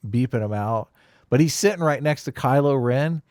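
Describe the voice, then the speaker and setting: A man's voice: medium pitch, moderate pace, a little mellow, no echo, studio quality. A man co-hosting a casual livestream chat in a wry, provocative way, chuckling as he talks. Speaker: livestream co-host and video maker.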